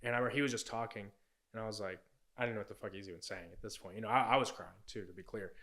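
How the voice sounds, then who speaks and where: A man's voice: lowish voice, steady tone, very fast, a bit bright. A young man, a podcast guest, telling a personal story in a casual, rambling way, full of "like" and "you know".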